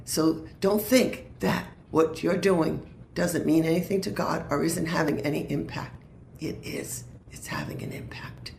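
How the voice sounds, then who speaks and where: A woman's voice: low-pitched, a little slow, creaky, darkish tone, roomy sound, in a whisper. A woman minister sharing a prophetic word in an earnest way and laughing easily.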